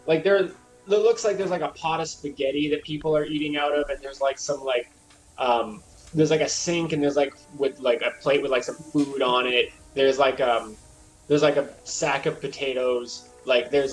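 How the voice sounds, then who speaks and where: A man runs a tabletop game and describes each scene in a loose, rambling way. His voice sits a little high for a man, and he swears freely as he goes. He sounds like he is making it up on the spot. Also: low-quality recording. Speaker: game master.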